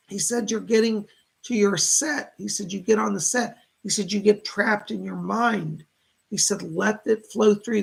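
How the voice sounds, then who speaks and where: A man hosting live-stream psychic readings from his computer, greeting viewers with excitement and relaying spirit messages. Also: high-pitched, gravelly, slightly rough. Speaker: psychic medium host.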